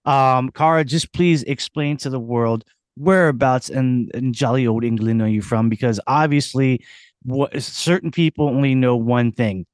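Male podcast host, showman energy, stumbles and restarts, mid-pitched, recorded dry in a studio. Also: moderate pace, no echo. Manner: hyped-up showman, stammering restarts. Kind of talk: casual interview.

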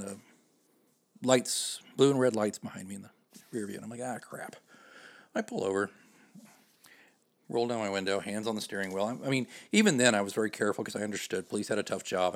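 A man hosting a podcast, telling a personal story in a conversational, self-deprecating way with frequent fillers. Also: lowish voice. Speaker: podcast host.

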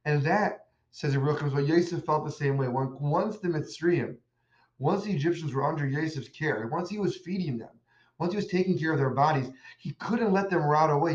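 A man teaching a religious lesson, telling stories and asking emphatic rhetorical questions, in an echoey, dull recording. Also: mid-range voice. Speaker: Torah teacher. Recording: echoey room, dull lo-fi sound.

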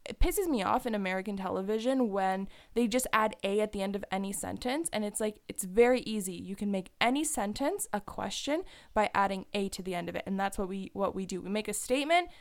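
A woman's voice: medium pitch, brisk, few pauses. A woman from near Toronto co-hosting a podcast in casual chat, talking freely and laughing often. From Canada, near Toronto. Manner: chatty, laughs often, animated quoting. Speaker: podcast co-host.

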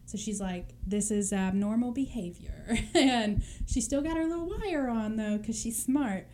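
A woman's voice: on the high side, lively intonation, unhurried, darkish tone, slight background noise. A young woman telling a true crime story in casual chat, laughing often and acting out the people in it. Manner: chatty, laughs often, acts out quoted voices.

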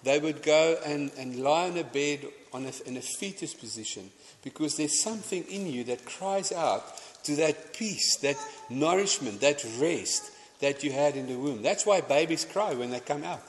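His voice is on the high side, at normal speed with few pauses, as he preaches in a long, reverberant hall. The sermon is chatty and full of anecdotes, with frequent stumbling restarts and bits of Afrikaans woven in.

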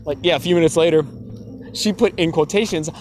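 A young man with a slightly high voice tells a long story in a loose, chatty way, packed with fillers, restarts and quick laughs. Faint music plays quietly behind him. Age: young adult. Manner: rambling and chatty, many fillers and self-corrections, laughs often. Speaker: college student telling a story. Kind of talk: casual anecdotal storytelling.

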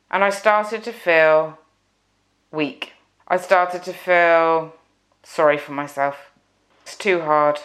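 A woman coach telling a personal story in a confessional monologue, drawing out key words unhurriedly. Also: deep voice. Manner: confessional, recounting her own negative thoughts. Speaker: relationship coach.

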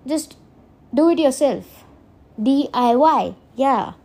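A fairly high-voiced woman, talking on her own podcast. She rambles in an earnest, casual way, restarting her sentences and breaking into small laughs. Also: animated, takes it slowly, warm tone. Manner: rambling and earnest, self-correcting, laughs often. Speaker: podcast host. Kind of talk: casual solo podcast monologue.

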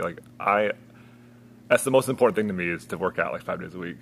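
A man's voice: low voice, quick pace, vocal fry, a little hiss or hum. A young adult man, a guest coach, telling stories in a rambling casual way and laughing often. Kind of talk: casual chat.

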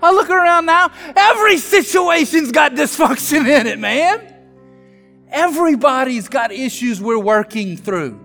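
High-pitched man preaching in a big echoey hall with faint music, funny and self-mocking. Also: measured pace, vocal fry. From South Louisiana. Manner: animated storytelling, self-mocking humor. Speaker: pastor. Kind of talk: sermon.

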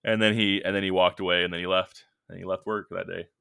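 A man's voice: deep voice, flat delivery, quick pace, gravelly, fairly bright tone, clear, resonant tone. A young man co-hosting a podcast, casually telling a work story in a rambling way with lots of fillers and restarts. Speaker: podcast co-host.

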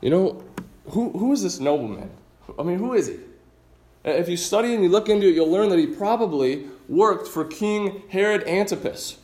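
A man's voice: high-pitched, lively intonation, moderate pace, darkish tone, roomy sound. A man preaching a sermon as pastor in a conversational, emphatic way, often restarting his phrases.

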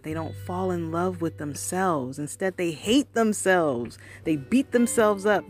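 A woman vlogger recording herself, talking through an earnest, casual motivational monologue, calling listeners "y'all" and often asking if they know what she means. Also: on the low side. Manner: earnest, conversational, often asks "you know what I mean?". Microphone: recording herself for her channel.

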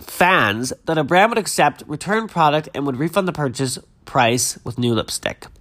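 A young man hosts a podcast in a slightly high, somewhat bright voice, sounding a little stuffy-nosed. He chats casually and reads news aloud in a gushing, dramatic way.

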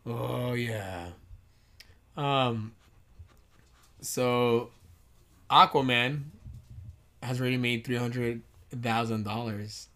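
A man's voice: medium pitch, steady tone, very slow, long pauses, fairly bright tone. A young man co-hosting a podcast, joking around and swearing casually in slangy chat. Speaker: podcast co-host.

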